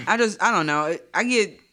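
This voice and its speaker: A podcast co-host with a high, sharp voice chats casually and animatedly at a normal speed. He swears freely and laughs often.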